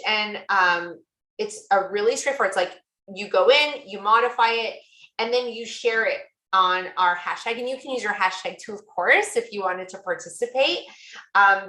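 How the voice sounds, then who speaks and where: A woman's voice: mid-range voice, normal speed, bright, forceful tone, roomy sound, low-quality recording. Chatty woman demoing on a video call. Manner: chatty and gushing, with many fillers. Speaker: guest presenter. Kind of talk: screen-share demo on a video call.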